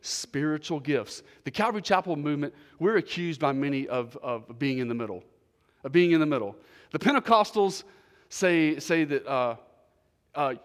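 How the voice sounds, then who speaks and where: A male pastor preaching a sermon, emphatic, repeating key phrases and dropping to quieter asides. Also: a little high, animated, moderate pace, in a large hall. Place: church.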